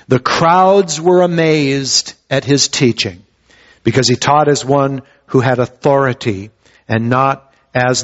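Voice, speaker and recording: A man preaching a sermon who reads scripture and then explains it in a conversational way, often pausing and restarting his phrases. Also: medium pitch. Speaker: pastor. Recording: dull lo-fi sound.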